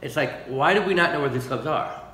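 Sick male co-host, bright tone, halting and rambling, roomy sound with faint hiss. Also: fairly high pitch, expressive. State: sick with a fever. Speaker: podcast co-host. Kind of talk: casual chat.

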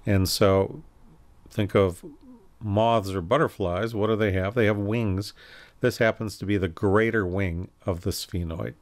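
A man giving a recorded anatomy lecture, calmly explaining and pointing through slides with occasional self-corrections. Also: lowish voice, unhurried. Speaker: anatomy instructor.

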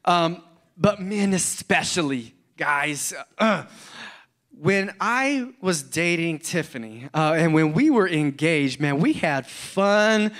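Animated man preaching a sermon. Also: fairly high pitch, slow pace. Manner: animated, acts out quoted spouses in raised voices. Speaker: pastor.

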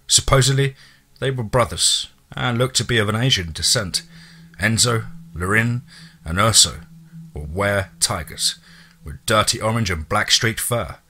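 A man narrating a first-person horror story in a casual, profane way, with a husky voice. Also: lowish voice, sharp tone.

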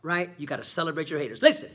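A man's voice: on the high side, big pitch swings, very fast, loud music behind the voice. A man hosting his own vlog, giving a motivational talk to the camera with preachy repetition and call-and-response questions. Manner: preachy, repeats "man" and "come on". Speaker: vlog host.

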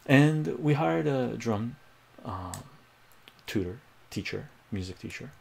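A man's voice: medium pitch, slow, vocal fry, husky. A middle-aged man, a streaming math tutor, telling a story in casual, rambling livestream chat with frequent laughs. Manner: rambling, animated, laughs often, acts out quoted voices.

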